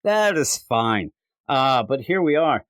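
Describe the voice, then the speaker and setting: A man co-hosting a comic book podcast in casual chat. He rambles and mocks himself, and his pitch jumps up whenever he quotes someone. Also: big pitch swings, takes it slowly, a bit bright, no room sound. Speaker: podcast co-host.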